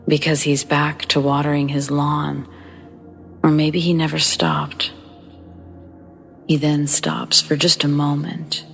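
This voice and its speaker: A woman narrates a scary story in a low, gravelly voice. She speaks slowly and flatly, keeping a hushed and somber tone. Faint music plays under her.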